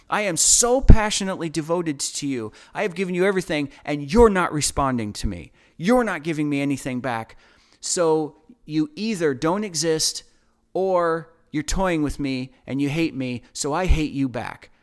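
A man voicing an anguished, devout man who shouts and pleads desperately at God. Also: a little high, expressive, normal speed, lightly acted. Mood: raging.

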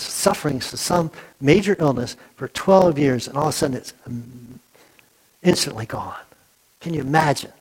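This male pastor's voice is fairly high, and the recording is low quality. He preaches in a conversational manner, asking the congregation questions and acting out the people in the story through their quotes.

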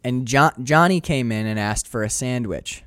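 A man's voice: medium pitch, moderate pace, a bit bright, clear, resonant tone, no echo, clean studio sound. A man co-hosting a casual chat about a movie, enthusiastic, laughing often and swearing freely. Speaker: podcast co-host.

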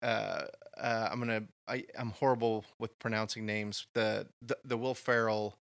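A man co-hosting a casual movie chat, speaking haltingly with many restarts as he thinks. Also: on the low side, steady tone, vocal fry, fairly bright tone. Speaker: podcast co-host.

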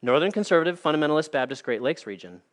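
A man's voice: fairly high pitch, sing-song, racing. A man doing a meek, despairing man. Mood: plain. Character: despairing middle-aged man, meek and plain.

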